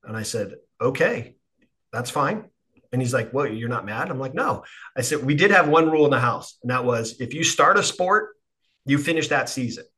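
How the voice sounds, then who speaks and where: A middle-aged man hosting a relaxed conversation. He tells a family story in a loose, conversational way and often restarts his sentences. His pitch sits in the middle range. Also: moderate pace. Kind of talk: casual conversation.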